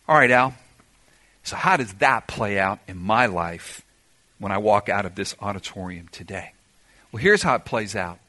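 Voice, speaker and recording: A man's voice: medium pitch, pushed and bright. A man preaching a sermon in an auditorium, emphatic, firing off rhetorical questions and answering them himself. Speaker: pastor.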